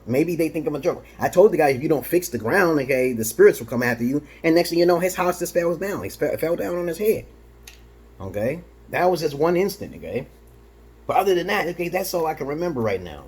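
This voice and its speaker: A man's voice: mid-range voice, darkish tone, husky. A man from Brooklyn, New York, rambling through a casual vlog monologue in a boastful, provocative and profane way, tagging "okay?" onto his points. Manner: peppers talk with "okay?". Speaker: vlogger.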